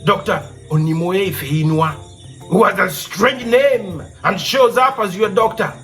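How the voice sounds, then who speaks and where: A man's voice: high-pitched, unhurried, fairly bright tone, faint music behind. A man from Kenya hosting a storytelling show, telling a moral tale and pressing his point with repeated rhetorical questions.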